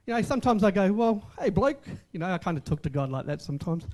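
Guy preaching, chatty, repeats stuff, asks the crowd questions, high voice that jumps around. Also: very animated, quick pace, hardly any pauses. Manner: conversational, repeats phrases for emphasis. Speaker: pastor. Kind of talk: sermon.

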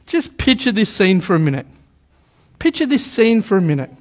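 A man preaching a sermon to a live congregation, animated, repeating words for emphasis and calling on the listeners to say lines back. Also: high-pitched, normal speed. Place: church service with a live congregation.

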